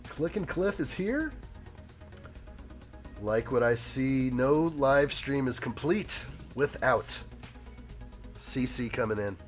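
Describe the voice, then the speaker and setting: A man in his thirties with a noticeably hoarse voice hosts a casual live stream, chatting and joking with viewers as he builds. His pitch sits in an ordinary middle range, and faint music plays underneath. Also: lively intonation, slow pace, pauses often. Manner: chatty and joking, reads viewer comments aloud. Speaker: live stream host building a toy set.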